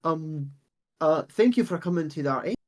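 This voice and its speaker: A man's voice: on the high side, expressive, moderate pace, lightly acted. A man voicing an elderly female earth genasi apothecary, rambling and hesitant with many fillers. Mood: chattering.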